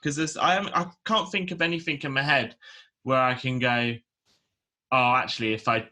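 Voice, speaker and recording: A man from the UK co-hosting a podcast, animated and quick to rant. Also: on the high side. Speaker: podcast co-host. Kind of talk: casual podcast chat.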